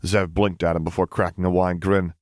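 A man narrating a serialized fan fiction story in a steady, even reading voice. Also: low-pitched, fairly quick, no echo, studio quality. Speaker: audiobook reader.

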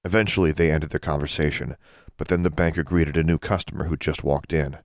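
A man narrates a fantasy audiobook with a steady, measured delivery. His voice sits extremely low. The recording is close and dry. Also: no echo. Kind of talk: scripted narration.

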